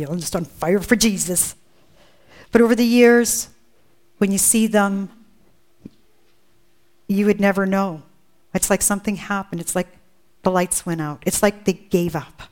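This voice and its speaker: A woman's voice: fairly low pitch, darkish tone. A woman preaching a sermon, earnest and emphatic, often asking rhetorical questions.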